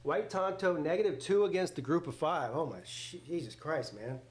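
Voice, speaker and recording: A man hosting a casual live reaction stream, calling plays as they happen in a rambling, excitable way that slips into swearing. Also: a little high, normal speed. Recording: roomy echoey home setup.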